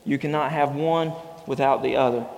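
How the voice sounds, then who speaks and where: A man's voice: medium pitch, steady tone, normal speed, vocal fry, a little mellow. A man delivering a sermon in a conversational, storytelling way, his voice sitting in the middle range. The sound carries a long reverb, as if from a large church hall. He moves easily between scripture and homespun anecdotes. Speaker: pastor.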